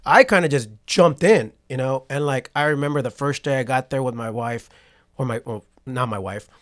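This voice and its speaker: A man in his forties from Patterson, California, is a podcast guest telling a story in a casual interview. He's an animated storyteller who acts out what people said and keeps asking "right?" His voice is mid-range at a moderate pace.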